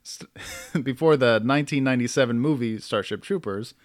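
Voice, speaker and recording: A man of middle pitch hosts a relaxed podcast conversation. He chuckles often and trips over hard names as he talks. The sound is dry and close. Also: normal speed, dry recording. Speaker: podcast host. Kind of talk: casual podcast chat.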